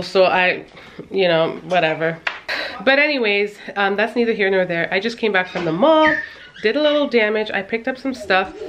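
A woman in her thirties talking casually to her camera as a mom vlogger, rambling through her errands with fillers and small laughs. Her voice sits at a middle pitch, and there is a faint hiss of background noise. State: out of breath. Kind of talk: casual vlog chat.

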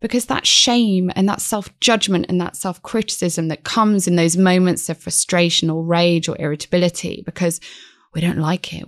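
A woman's voice: fairly low pitch, creaky, no room sound, clean studio sound. A woman guest psychotherapist talking in a podcast interview, earnest and reflective, restarting her sentences often.

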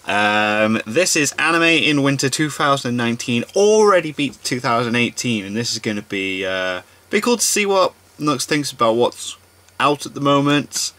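Chatty male reaction host, bright tone, loose and filler-heavy delivery. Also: medium pitch, sing-song, moderate pace. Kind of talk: casual reaction commentary.

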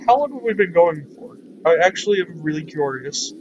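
A man hosting a let's-play, reading a visual novel aloud with animated, reactive commentary. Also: fairly high pitch, fairly quick, lo-fi sound, a little hiss or hum. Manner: animated, laughs and reacts loudly.

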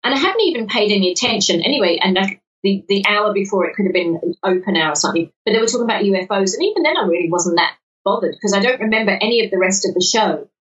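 Appearing as a guest on a laid-back podcast, this lottery winner from south-west London, England, speaks quickly with few pauses in a mid-range voice. She's a lively storyteller who performs the quotes and frequently starts over. Her audio is muffled, from a faraway mic.

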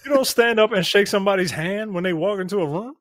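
A man co-hosting a casual film review, bantering quickly with laughter and swearing. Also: sits high, no echo, studio quality. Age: 40s. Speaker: podcast co-host. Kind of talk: casual movie review chat.

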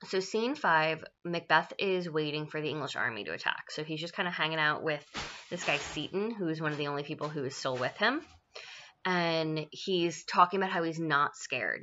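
A woman teacher with a low, bright, forceful voice talks through a play in an easygoing, chatty way. She paraphrases often and checks in with "right?". The recording sounds dull and lo-fi. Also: normal speed. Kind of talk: casual classroom explanation of a play.

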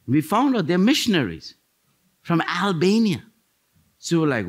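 Animated man preaching a sermon. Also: moderate pace. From India. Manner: animated storytelling, acting out quoted voices, pitch leaping up. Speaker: guest missionary preacher. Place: church sanctuary.

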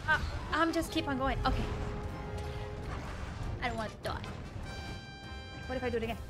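A woman streamer reacting to a game she is playing, full of excitable yelps, exclamations and giggles. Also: high voice, moderate pace, music in the background. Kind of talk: live gameplay commentary.

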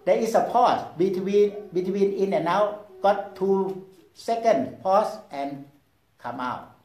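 A man who is a Buddhist monk with a Thai accent, Thai as his first language, guiding meditation slowly and haltingly, repeating words softly and often checking in with "okay?". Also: a little high, echoey room, rough recording. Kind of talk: guided meditation talk. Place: meditation hall at a Buddhist society.

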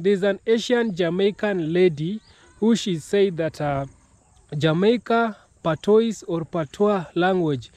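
A man from Kenya hosting a YouTube reaction video, speaking slowly in a halting way with many restarts. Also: high-pitched, dark tone, no room sound. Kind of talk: casual reaction commentary.

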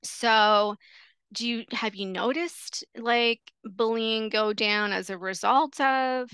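A woman interviewer with a bright, very clear voice chats casually. She circles her question with fillers before asking it. The sound is dry and close. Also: on the high side, steady tone, slow pace, no echo. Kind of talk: interview conversation.

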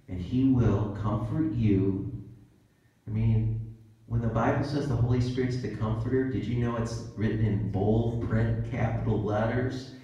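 A man's voice: fairly low pitch, warm tone. A man preaching in a church in a conversational style, now and then acting out what people say. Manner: conversational preaching with acted-out quotes. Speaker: pastor. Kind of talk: sermon. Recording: dull, roomy church recording from a distance.

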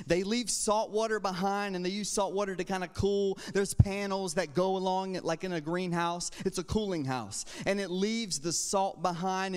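High-voiced young preacher in echoing sanctuary. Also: male voice, smooth. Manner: energetic, storytelling preacher with call-and-response. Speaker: youth pastor. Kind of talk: sermon. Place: church sanctuary. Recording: long hall reverb.

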